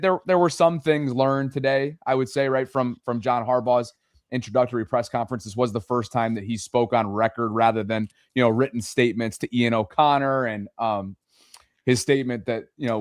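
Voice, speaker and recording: Man, podcast host, mid-pitched, dry close sound, casual rambling chat. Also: fairly even intonation, fairly quick, no echo. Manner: rambling, joking, many restarts. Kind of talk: casual sports roundtable chat.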